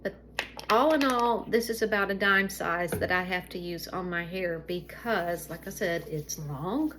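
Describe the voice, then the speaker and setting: Her voice leans low and her delivery is unhurried, set against a noisy background. The middle-aged Southern vlogger from Alabama chats casually with home viewers, rambling and getting sidetracked.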